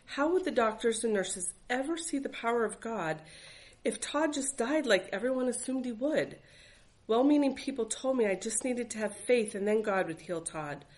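A woman's voice: on the high side, animated, normal speed, darkish tone, poor audio. A woman reading aloud from her own memoir as a mother, in an earnest, reflective voice. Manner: earnest, reflective, faith-filled.

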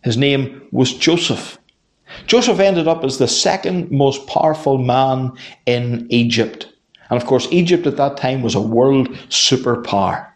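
Man preaching at a midweek Bible study. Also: medium pitch. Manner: measured preaching, with restarts and fillers. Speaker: pastor.

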